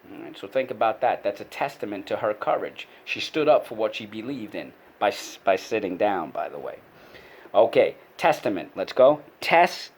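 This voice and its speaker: A man's voice: on the low side, animated, a little fast, hardly any pauses, husky. A man teaching a vocabulary lesson to kids, explaining word meanings and leading call-and-response drills. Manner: explains with many fillers and restarts.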